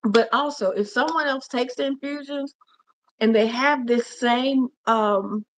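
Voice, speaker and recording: Woman, livestream host, casual and chatty, affectionate, fairly high voice. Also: measured pace. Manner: chatty and affectionate, calls viewers honey and cousin. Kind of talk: casual live chat with viewers.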